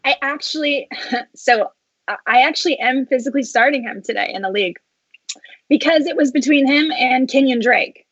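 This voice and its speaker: Breathy playful woman, dry lo-fi. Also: high-pitched, normal speed, a bit bright, no room sound. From Texas. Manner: laughing, playful banter. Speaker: fantasy football analyst. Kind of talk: casual sports chat. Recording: dry dull lo-fi audio.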